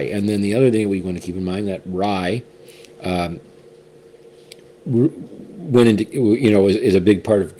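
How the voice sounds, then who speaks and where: A man's voice: deep voice, dark tone. A man hosting a casual whiskey tasting chat, rambling and restarting often as he shares his impressions. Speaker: whiskey reviewer, co-host.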